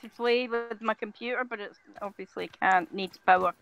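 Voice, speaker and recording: Easygoing mum on voice chat. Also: female voice, on the high side, moderate pace, a bit bright. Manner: chatty, easygoing, wry. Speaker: mother playing along. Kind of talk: casual gaming chat.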